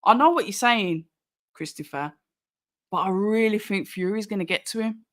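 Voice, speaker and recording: In studio-quality audio with no room sound, a Brummie host from Birmingham, England, runs a casual livestream watch-along, responding to viewer comments and often restarting mid-thought. The voice is mid-range and a bit bright, at a normal speed.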